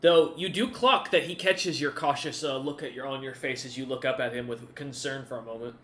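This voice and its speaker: Male game master, bright voice, loose and halting narration. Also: mid-range voice, fairly even intonation, reverberant, slight background noise. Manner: casual, halting, many fillers.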